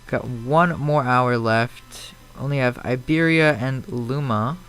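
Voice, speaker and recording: A man's voice: medium pitch, takes it slowly, fairly bright tone, smooth, soft background music. Man chatting casually on a live stream. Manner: rambling, answers chat messages aloud. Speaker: flight sim live streamer. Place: at home.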